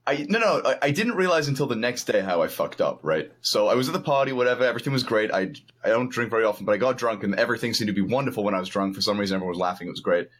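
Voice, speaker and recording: A man talks very fast in a lowish voice, rambling through a self-deprecating story as a podcast guest. He trips over his words now and then. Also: lively intonation, a bit bright. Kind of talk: casual storytelling.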